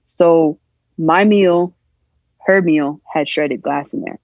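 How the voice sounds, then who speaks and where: A woman guest on a podcast, candidly telling a personal story in a halting, emotional way, acting out the voices she quotes. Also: low-pitched, no echo. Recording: dull lo-fi sound.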